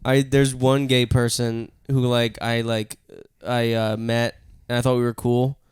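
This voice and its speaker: A man's voice: mid-range voice, level tone, a little slow, smooth, no room sound, studio quality. A young man co-hosting a podcast, a stand-up comedian in loose, crude banter who laughs and swears often.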